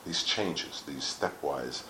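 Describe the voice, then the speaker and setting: A man talking casually as an interview guest, telling animated stories, acting out quotes and swearing freely. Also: rumbling low, takes it slowly. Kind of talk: casual explanatory talk. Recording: echoey room with faint noise.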